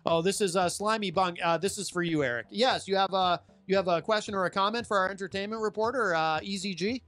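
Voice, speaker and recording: A man's voice: high-pitched, quick pace, fairly bright tone, faint music behind. A man hosting a call-in radio show, taking prank calls with bemused, repeated questions. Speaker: radio talk show host. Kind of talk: talk radio call screening.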